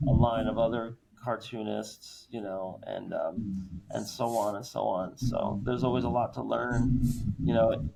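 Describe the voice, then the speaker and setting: A man's voice: lowish voice, steady tone, measured pace, gravelly. A man co-hosting a casual interview, chatty and rambling, with fillers and laughs. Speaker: co-host. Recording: noisy, clicking background.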